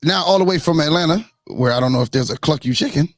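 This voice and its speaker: A man hosting a podcast, chatting casually and teasing his co-hosts in a relaxed, joking way. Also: fairly high pitch, quick pace, dry recording, clean studio sound. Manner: joking, teasing, laid-back. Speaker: podcast host. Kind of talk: casual chat.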